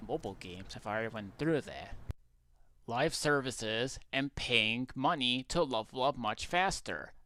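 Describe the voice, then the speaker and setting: A man's voice: medium pitch, lively intonation, a little slow, pushed and bright. A man giving argumentative video commentary, arguing indignantly about game microtransactions. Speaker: YouTuber in a clip being reacted to.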